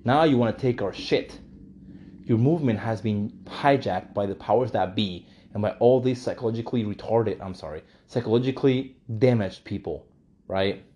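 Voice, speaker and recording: Heated, profane man with a dark voice. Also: on the low side, moderate pace. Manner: profane, heated, repeats himself. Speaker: commentator reading a news article. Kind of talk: ranting commentary.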